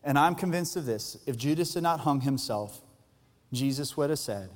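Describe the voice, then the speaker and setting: A man's voice: mid-range voice, lively intonation, moderate pace. Man preaching in a reverberant church. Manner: earnest preaching, builds to loud emphatic peaks, drops soft for tender lines. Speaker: pastor. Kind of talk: Easter sermon. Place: large church hall. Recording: live church hall with long reverb and soft music.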